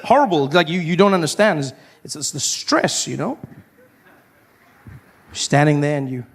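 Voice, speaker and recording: A man performing stand-up comedy, telling stories in an animated way and acting out voices along the way. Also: a little high, normal speed. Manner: animated storytelling, lots of acted-out voices.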